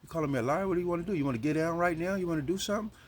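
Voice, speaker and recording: A man acting out an aggressive prison bully picking a fight, confrontational and shouting. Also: fairly high pitch, racing, a little hiss or hum, voice pushed up, natural voice. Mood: hostile.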